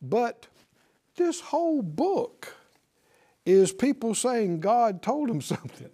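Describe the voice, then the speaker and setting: A man preaching a sermon, slow and emphatic, hitting certain words loudly and chuckling now and then. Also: very high-pitched, big pitch swings. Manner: slow, emphatic preaching with sudden loud stresses.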